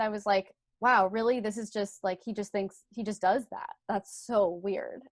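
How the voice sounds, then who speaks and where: A woman's voice: no room sound, studio quality. A young woman, a podcast guest, frankly telling a personal story and laughing as she goes. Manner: frank, laughs through the telling, animated swings in pitch and volume. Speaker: podcast guest, intimacy coordinator.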